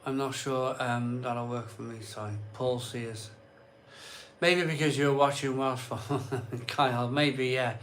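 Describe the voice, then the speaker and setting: A man's voice: medium pitch, steady tone, a little slow, a bit bright, a little hiss or hum. A man hosting a live stream from his home bar, reading out viewer comments in a rambling, chatty way and often repeating himself. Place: cold home conservatory bar.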